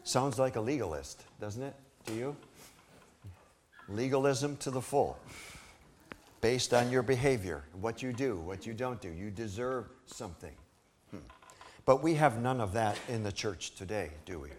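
A man's voice: medium pitch, animated, unhurried, a little hiss or hum. A man preaching a sermon, reading scripture dramatically and asking the congregation rhetorical questions.

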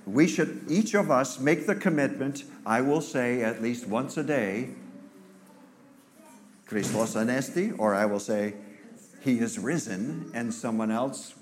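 A pastor preaching an Easter sermon, animated and teasing, talking back and forth with his congregation. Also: medium pitch, unhurried, few pauses, slight background noise.

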